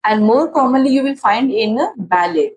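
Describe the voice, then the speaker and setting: A woman's voice: fairly high pitch, animated, moderate pace, husky, low-quality recording. A woman teaching literary terms in an exam-prep lecture, restating each definition several times with fillers and restarts. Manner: explains by repeating definitions.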